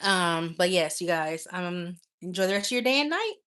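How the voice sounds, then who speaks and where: A woman's voice: lowish voice, animated, moderate pace, a bit bright, clean tone. A woman hosting a casual livestream, chatting affectionately with viewers and laughing often. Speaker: livestream host.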